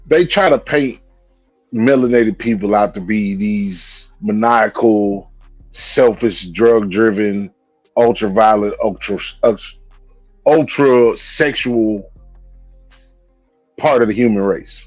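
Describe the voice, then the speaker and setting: A man's voice: fairly low pitch, takes it slowly, pauses often, no echo, dull audio, soft background music. A man co-hosting a casual chat, making points with emphatic lists of words. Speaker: podcast co-host.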